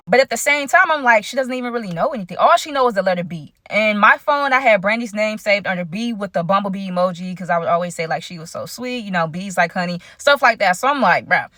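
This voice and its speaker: A woman vlogger telling a personal story to her viewers in a lively, slangy way, addressing them directly. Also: mid-range voice, dry recording, studio quality. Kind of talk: storytime vlog.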